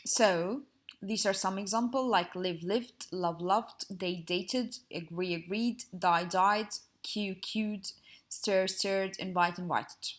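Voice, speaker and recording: A woman teacher giving a slow, patient grammar lesson to young pupils in a sing-song explaining manner. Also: mid-range voice.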